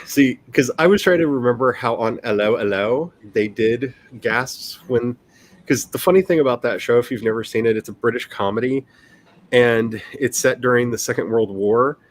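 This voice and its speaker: A man's voice: medium pitch, normal speed. A man in his forties chatting casually on a livestream, rambling along, reading his chat and laughing often. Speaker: livestream host, writer.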